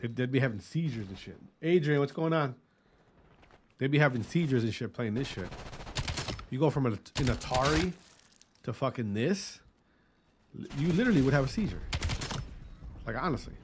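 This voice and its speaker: A man's voice: medium pitch, lively intonation, moderate pace, pauses often, background noise. A man in his thirties from Wisconsin, a gaming streamer chatting casually and profanely with his live chat, greeting viewers by name. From Wisconsin, US Midwest.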